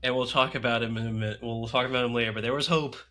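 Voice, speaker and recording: Guy cohosting a hockey podcast, bright voice, sarcastic jokey banter. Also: medium pitch, steady tone, racing. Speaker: podcast co-host. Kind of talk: casual hockey podcast chat.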